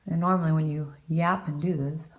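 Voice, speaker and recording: This beauty vlogger has a low-pitched voice with a steady tone and a fairly quick pace. She rambles casually during her makeup tutorial, chatting away and making self-deprecating jokes.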